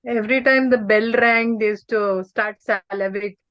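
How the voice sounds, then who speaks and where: A woman's voice: fairly high pitch, steady tone, normal speed, fairly bright tone. A woman in the class giving a short answer to the teacher's question. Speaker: student. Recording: dull, from away from the mic.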